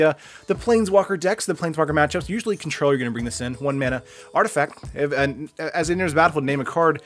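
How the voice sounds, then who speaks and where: Fast-talking man giving game commentary. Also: fairly high pitch. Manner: quick, casual, lots of fillers. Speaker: card game channel host. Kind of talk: deck breakdown and gameplay commentary.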